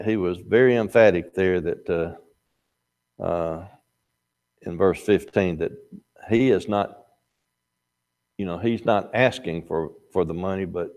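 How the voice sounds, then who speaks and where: A man's voice: low voice, darkish tone. An older man teaching a Sunday morning Bible class in a folksy, conversational way. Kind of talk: Sunday school lesson.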